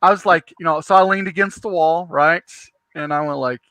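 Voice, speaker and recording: Male host, casual storyteller, high bright tone, dry room. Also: fairly quick, no room sound. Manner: rambling, animated storyteller with many restarts.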